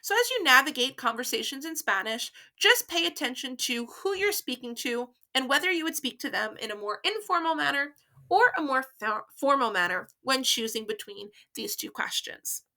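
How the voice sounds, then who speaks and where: A woman with a high, bright voice gives a beginner Spanish lesson. She talks patiently and carefully, saying each phrase slowly for learners to repeat. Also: lively intonation. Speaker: Spanish teacher. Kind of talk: slow, clear language lesson with repeat-after-me drills.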